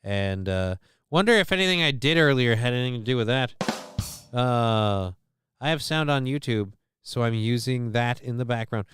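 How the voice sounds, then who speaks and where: Clear-voiced sarcastic man hosting a livestream. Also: medium pitch, moderate pace, a bit bright, dry recording, clean studio sound. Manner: profane, sarcastic, rambling. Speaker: livestream show host. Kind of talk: casual livestream chat.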